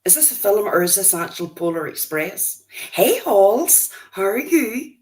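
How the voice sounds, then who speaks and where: A woman's voice: medium pitch, very animated, unhurried, darkish tone. A woman in her fifties, a grandmother, hosting a casual livestream and chatting with viewers, greeting them by name as they join. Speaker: livestream host.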